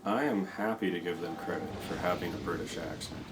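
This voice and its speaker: A man's voice: low voice, brisk, a crowd in the background. An American man co-hosting a casual gaming stream, laid-back, mostly giving short replies and jokey asides. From United States. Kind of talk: casual chat.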